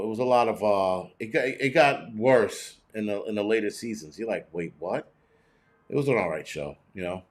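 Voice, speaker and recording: Reacting to comments on his livestream, the man behind a prepping channel keeps things casual but coarse, swearing freely and restarting his sentences again and again. He rambles, and when a rant gets going he turns animated, leaping from high to low pitch.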